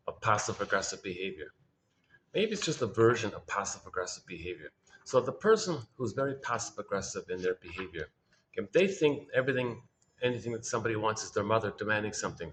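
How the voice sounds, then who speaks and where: A man's voice: medium pitch, a bit bright, slight background noise. A man hosting his own channel, talking through ideas in a casual, musing way, often restarting phrases and briefly acting out the people he describes. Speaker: host of a quotes channel. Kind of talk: casual spoken commentary.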